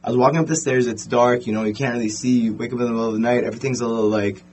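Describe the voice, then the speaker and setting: A young man telling a story in a casual podcast chat, animated and full of fillers. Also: mid-range voice, rapid-fire, a little hiss or hum.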